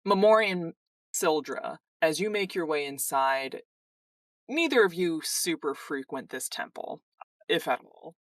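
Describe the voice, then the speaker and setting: A game master slowly narrating a tabletop campaign scene in a descriptive voice. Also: mid-range voice, lively intonation, no echo, distant mic.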